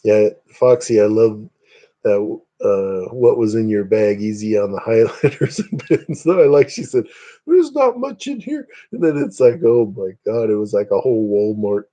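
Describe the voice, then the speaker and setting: Rambling man with a very dark voice. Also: fairly low pitch, normal speed. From Northeast Indiana, USA. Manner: rambling, chatty, greets viewers by name. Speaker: livestream host. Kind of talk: casual livestream chat.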